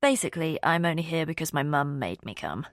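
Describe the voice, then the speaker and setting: Nervous, skeptical young woman read by a female narrator; low and close, defensive edge. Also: lively intonation, brisk, dry recording.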